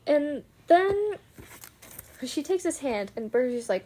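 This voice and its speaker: Woman retelling a book plot, chatty, lots of like and swearing, kinda high voice. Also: big pitch swings, slow pace, mellow. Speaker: book vlogger. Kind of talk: casual book recap.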